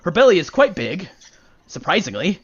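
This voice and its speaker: A man running a tabletop game as game master, rambling casually and hesitating often, with a voice pitched a bit high. He comes through a dull, lo-fi online voice chat. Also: wildly swooping pitch, normal speed, fairly bright tone, slightly rough. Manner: rambling, filler-heavy, casual.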